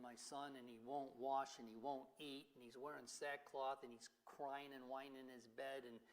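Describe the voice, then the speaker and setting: A man teaching a Bible survey class as pastor, retelling stories in a conversational, animated way with ad-libbed dialogue. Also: mid-range voice, rough recording. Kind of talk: sermon.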